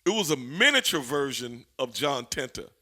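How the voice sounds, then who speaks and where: Animated, profane male wrestler storyteller. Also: medium pitch, normal speed. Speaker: former pro wrestler, interview guest. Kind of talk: casual storytelling interview.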